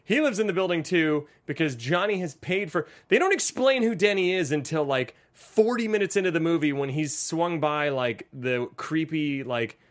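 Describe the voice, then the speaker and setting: Young male co-host, slightly high voice, rambling and profane. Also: expressive, normal speed, few pauses. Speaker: podcast co-host. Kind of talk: casual movie-review chat.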